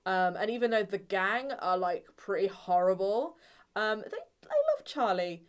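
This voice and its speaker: A woman's voice: medium pitch, a little slow, clear, resonant tone. A woman with an English accent chatting casually and rambling through her tabletop game character. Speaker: player.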